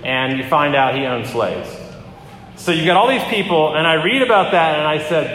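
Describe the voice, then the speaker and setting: A pastor giving a conversational sermon, often pausing with fillers and restarting his phrases. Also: on the high side, expressive, fairly bright tone, slight background noise. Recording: echoey hall with long reverb.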